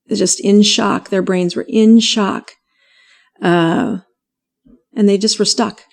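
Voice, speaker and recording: A middle-aged woman physician telling her story in an interview, animated and laughing often as she acts out what people said. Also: medium pitch, slow pace, creaky. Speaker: physician guest.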